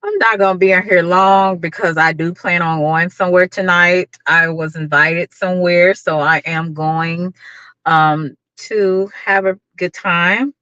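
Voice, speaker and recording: A woman's voice: fairly low pitch, steady tone, unhurried, a bit bright, no room sound. Middle-aged woman on a livestream, chatty, lots of ums, dry dull lo-fi sound. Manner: chatty, greets viewers by name, many fillers. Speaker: YouTube livestream host. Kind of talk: casual livestream chat.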